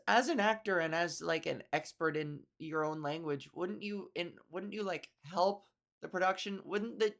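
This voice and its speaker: Woman comedian, podcast host; low, gravelly voice, loose and profane. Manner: rambling, profane, with frequent restarts and asides. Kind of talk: casual comedic monologue.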